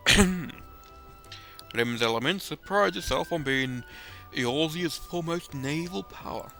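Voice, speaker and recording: A man voicing a gruff, chatty male sailor in a put-on rough seafaring accent, reading game dialogue aloud in character with a folksy drawl. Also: a little high, slow, pushed and bright, faint music behind, pitched above the performer's own voice, full character voice. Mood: storytelling.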